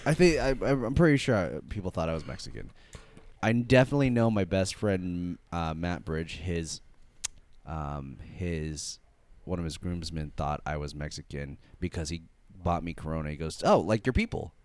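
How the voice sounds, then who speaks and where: A man's voice: sits low, moderate pace, a little mellow, no echo. A man in his thirties from the Philippines, co-hosting a casual podcast chat in a chatty, hesitant way with lots of fillers. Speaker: podcast co-host.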